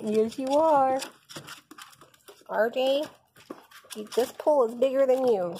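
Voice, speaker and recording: A woman talks to her foster kittens in soft, doting baby talk, her voice lilting and fairly high. She is filming a casual pet video at home. A faint hiss runs behind her. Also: slow, long pauses. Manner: soft, sing-song, doting. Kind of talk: cooing baby talk to pets.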